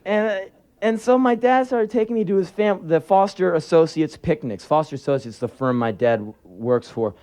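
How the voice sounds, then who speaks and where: A man in his twenties tells stories on stage in a sardonic, foul-mouthed spoken word style. His voice sits a little high for a man, and he jumps into sharp yelps when he acts out what others said. It sounds like a live reading in front of an audience. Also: normal speed. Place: live venue before an audience.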